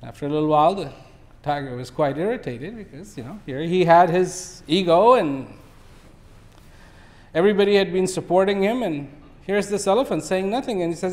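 A man in his fifties giving a speech to an audience, telling a fable in a relaxed storyteller's manner. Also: high voice, moderate pace. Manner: relaxed storyteller, acts out animals. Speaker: invited speaker.

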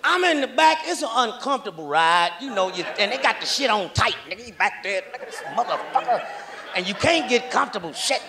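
A man from Kansas City performing a profane stand-up comedy set, telling stories loudly and acting out the other people in them. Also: very high voice, expressive, brisk, gravelly. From Kansas City, Missouri. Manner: profane, loud storytelling with acted-out voices. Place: comedy stage before a large audience. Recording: live stage mic with a laughing crowd.

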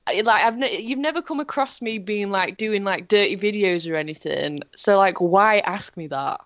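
A young woman co-hosting a casual podcast, speaking at a middle pitch. She is blunt and swears freely, with lots of fillers. Her voice is dry and close to the mic. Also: moderate pace, a bit bright, no echo. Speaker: podcast co-host. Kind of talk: casual chat.

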